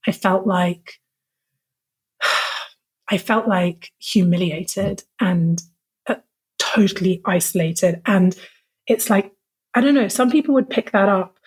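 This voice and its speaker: A woman's voice: medium pitch, takes it slowly, long pauses, slightly rough. A woman guest on a podcast, speaking casually and frankly about her own experiences, with many fillers of "like". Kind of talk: candid personal storytelling in conversation.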